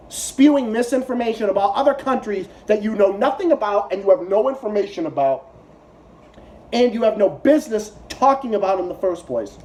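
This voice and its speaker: A man's voice: sits high, animated, brisk, a little mellow. A man giving a heated, profane reaction rant to video clips, talking as a YouTube commentator.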